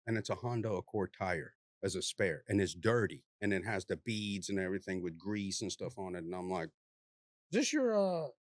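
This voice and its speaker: A police officer telling a story in casual conversation, laid-back and drawling, lively as he acts out the people in it. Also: deep voice, fairly quick, hardly any pauses, no room sound, studio quality. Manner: animated, acts out the people he quotes in a raised voice.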